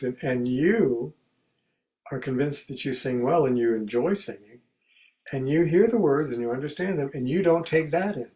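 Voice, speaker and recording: A man giving a contemplative spiritual talk in a conversational way, acting out everyday examples as quoted speech and going soft and quiet on key phrases. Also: mid-range voice, brisk, rough recording. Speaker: spiritual teacher and speaker.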